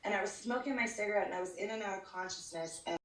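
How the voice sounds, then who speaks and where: Her mid-range, slightly bright voice moving very fast, a woman guest on a live church show recounts her life testimony. She tells it in an earnest, casual storytelling way with fillers and restarts, captured from a distance over a call in a roomy sound.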